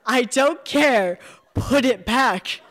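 A woman voicing her friend, a startled English woman farmer who scolds her in a shrill voice. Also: extremely slow, fairly bright tone, a faint crowd, heavily acted. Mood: insistent.

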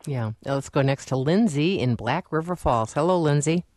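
A man hosts a radio call-in show, moving between guest and callers with easy questions. His voice is a bit higher than most men's and sounds dry and close, with no room around it. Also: lively intonation, normal speed, darkish tone, no echo. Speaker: radio host.

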